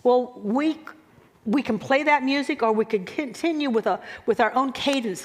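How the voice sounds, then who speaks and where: Female minister, slightly high voice, expressive sermon delivery. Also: normal speed. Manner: expressive, chant-like repetitions. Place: church sanctuary.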